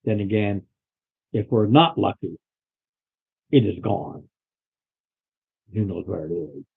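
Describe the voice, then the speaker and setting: A man voicing a grim, terrified father who threatens adventurers with slow, ominous words. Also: on the low side, creaky, breathy edge, full character voice. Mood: haunted. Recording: phone-like lo-fi recording.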